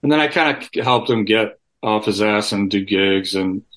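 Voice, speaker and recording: A man's voice: lowish voice, moderate pace, fairly bright tone. Frank, rambling man on a call from home. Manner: frank and profane, rambling with many restarts. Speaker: guest musician. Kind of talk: candid conversational interview. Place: his home.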